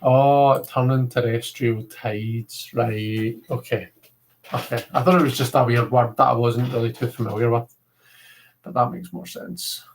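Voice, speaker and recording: A man's voice: mid-range voice, fairly even intonation, unhurried, a little hiss or hum, rough recording. A man with a Scottish accent hosting a casual livestream, chatting to viewers in a rambling way with lots of filler words. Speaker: livestream host.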